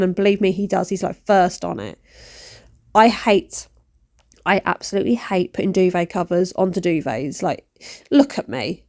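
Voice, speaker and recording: A woman vlogger narrates her cleaning video in a chatty voice-over, rambling and animatedly poking fun at herself. Her voice is medium in pitch and moves at a moderate pace.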